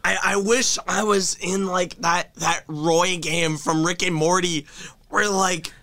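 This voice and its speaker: Young male sports-talk host, bright and gravelly, exasperated and loud, voice wearing hoarse. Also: sits high, fairly even intonation, takes it slowly. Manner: exasperated, laughing, shouting in disbelief. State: voice going hoarse. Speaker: podcast host.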